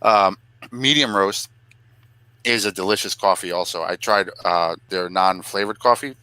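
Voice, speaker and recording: A man's voice: a little slow, bright, forceful tone, smooth, no echo, low-quality recording. A man co-hosting a casual talk show, joking through a sponsor read in a playful, mock-emotional manner. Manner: jokey, mock-emotional, voice jumping high when clowning. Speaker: podcast co-host reading a sponsor ad.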